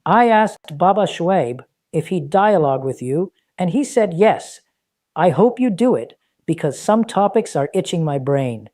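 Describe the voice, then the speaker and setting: Mellow-voiced man, dry close sound. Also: sits high, animated, unhurried, no room sound. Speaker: online commentator. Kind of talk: monologue from his channel video.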